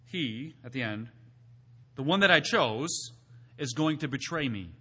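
Male preacher, bright, tense tone, emphatic, asks rhetorical questions. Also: medium pitch, lively intonation, unhurried, slightly rough. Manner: builds to loud emphatic peaks, then drops to quiet teaching. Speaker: pastor. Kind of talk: sermon.

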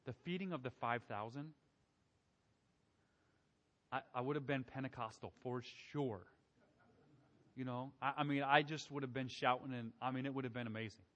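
A man's voice: medium pitch, fairly bright tone, lo-fi sound. A man preaching a conversational sermon, often asking his listeners questions as he works through scripture. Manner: conversational, asks the congregation questions. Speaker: pastor. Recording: long hall reverb.

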